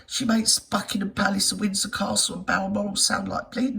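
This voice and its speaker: A woman's voice: mid-range voice, normal speed, creaky, sharp tone, recorded from a distance. A woman hosting a reaction video with camp, theatrical, sarcastic comedy commentary.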